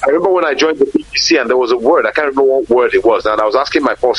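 A husky-voiced man talks with firm emphasis, doubling words as he hunts for the next thought. His pitch sits in a middle register. The audio is dull and lo-fi. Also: very fast, hardly any pauses, fairly bright tone. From Nigeria. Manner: emphatic, repeats words while searching for them. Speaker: broadcaster and conference moderator. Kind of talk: casual interview talk.

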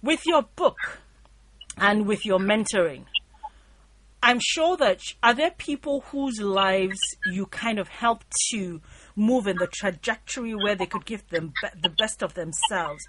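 A woman from Nigeria, hosting a radio interview, lively and quick to tease her guest. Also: mid-range voice. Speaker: radio host. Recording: noisy radio studio line.

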